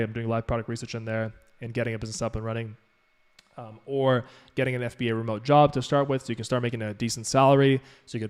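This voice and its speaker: A man's voice: medium pitch, clean tone. Upbeat rambling man on a live stream. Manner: rambling and upbeat, many fillers and restarts. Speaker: online business mentor hosting a live stream. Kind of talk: casual live-stream Q&A, answering chat.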